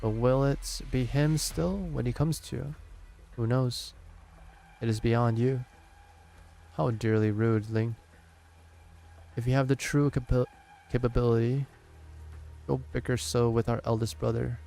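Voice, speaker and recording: A man with a gravelly, fry-laden voice reads a game's story dialogue aloud on stream. His tone is dark and mellow, his pitch sits mid-range, and he takes each line slowly, tripping and restarting on words now and then. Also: fairly even intonation. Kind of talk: dramatic reading of game dialogue.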